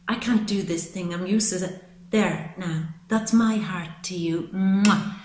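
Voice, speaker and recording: A woman's voice: fairly low pitch, a little slow, echoey room, low-quality recording. A woman giving a monthly tarot reading to camera, talking to her viewers in an affectionate, gushing way. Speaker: tarot reader.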